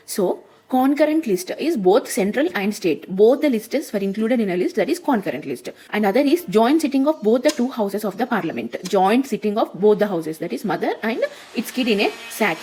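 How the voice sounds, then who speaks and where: A woman's voice: medium pitch, darkish tone, poor audio. A woman giving an exam-prep lesson, repeating points and checking in with "okay?" and "right?". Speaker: teacher.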